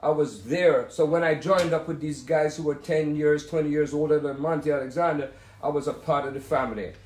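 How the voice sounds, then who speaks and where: A man's voice: on the high side, steady tone, brisk, a little mellow, a little hiss or hum. Older Jamaican man reminiscing, roomy echo. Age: 70s. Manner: showman-like, rambling storyteller. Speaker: musician hosting a talk session. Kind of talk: casual reminiscing monologue. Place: at home.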